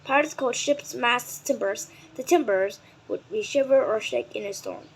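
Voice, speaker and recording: A fairly high-voiced woman from Vietnam reads a children's book aloud in English, which is not her first language. She reads slowly and with care, sometimes tripping over a word and starting it again. A faint hum sits under her voice. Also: creaky, rough recording. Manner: careful and deliberate, sometimes stumbling and correcting words. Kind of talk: reading a nonfiction book aloud.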